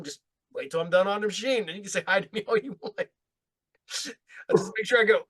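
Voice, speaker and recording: Podcast host with a high-pitched voice, a rambling, cursing storyteller. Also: male voice, fast, a bit bright. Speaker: podcast host, comic store owner. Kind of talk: casual podcast chat.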